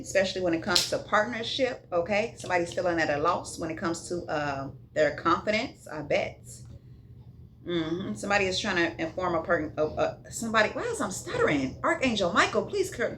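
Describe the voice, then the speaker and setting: A woman's voice: lowish voice, animated, a little fast, a little hiss or hum. A woman giving a casual tarot reading, blunt and profane, drifting into sing-song asides between card readings. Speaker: tarot reader.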